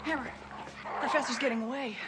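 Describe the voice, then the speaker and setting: An actress playing a calm, sharp-witted woman police detective who lays out the case matter-of-factly. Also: sits high, brisk, very noisy, natural voice. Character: level-headed woman detective, adult.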